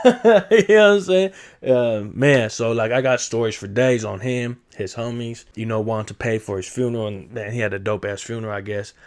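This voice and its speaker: A man vlogging in casual, slangy storytelling, animated and laughing often as he talks. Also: on the low side, a little fast, few pauses.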